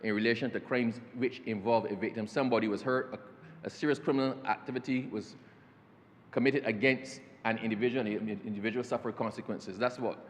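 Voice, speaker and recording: A man's voice: medium pitch, steady tone, brisk, a little hiss or hum. A man, a government minister giving a formal parliamentary speech and often addressing the chair as sir. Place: parliament chamber. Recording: long reverb of a debating chamber.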